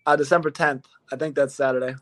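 A young man in his twenties, a football player answering interview questions in a measured, modest way, often restarting his phrases. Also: a little high, steady tone, fairly bright tone. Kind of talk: casual interview.

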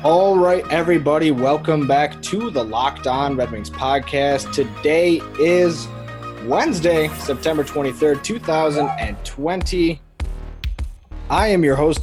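A young man hosting a sports podcast, chatting casually and joking with his co-hosts. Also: fairly high pitch. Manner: upbeat, joking, quick banter. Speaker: podcast host. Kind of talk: casual chat.

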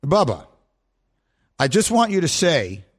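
Measured in pace and a little high in pitch, a male host runs a sports radio show from a studio microphone. He shares stories through casual banter, animated throughout, and often dissolves into laughter.

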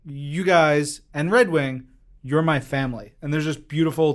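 An enthusiastic man co-hosting a casual podcast, his voice sitting a touch high. He tells stories with lively energy. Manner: enthusiastic, animated storytelling. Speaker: podcast co-host reviewing comics. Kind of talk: casual chat.

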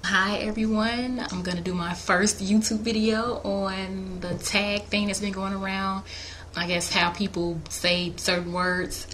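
A woman with a South Side Chicago accent reading a word list for a YouTube accent tag video, relaxed and deliberate. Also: mid-range voice, slight background noise.

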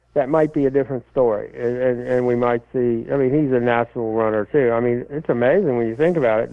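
Over a tinny phone line with no echo, a man fields listener questions about college football in a casual, wandering way, full of fillers, pauses and restarts. His pitch is medium.

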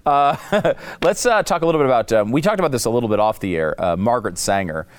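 A man hosts a casual political talk show. He speaks in a loose, chatty way, full of fillers and easy laughs, at an ordinary middle pitch. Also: lively intonation, quick pace, clean tone. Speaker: podcast host.

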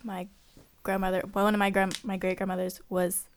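A woman's voice: mid-range voice, completely flat delivery, normal speed, slight background noise. A woman co-hosting a podcast in casual chat, talking loosely with many likes and ums. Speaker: podcast co-host.

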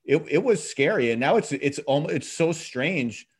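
A man's voice: a little high, animated, breathy edge. Reflective man hosting a podcast. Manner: reflective, halting, with frequent restarts. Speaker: podcast host. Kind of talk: casual conversation.

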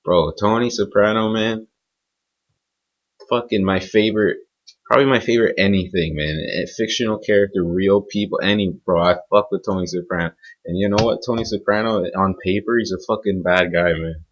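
Young guy, low husky voice, swearing, rambling casual rant, muffled lo-fi sound. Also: steady tone, a little fast. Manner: profane, rambling, emphatic with frequent "man" and "bro". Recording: dull lo-fi recording.

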